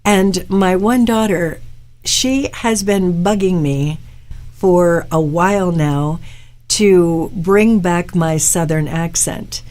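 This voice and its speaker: Middle-aged woman host from Florida, slightly low voice, loose rambling live-show chat with frequent tangents. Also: slow pace, darkish tone. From Tampa, Florida. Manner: chatty, rambling with asides and tangents. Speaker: talk show host and hypnotherapist. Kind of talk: casual live-stream monologue.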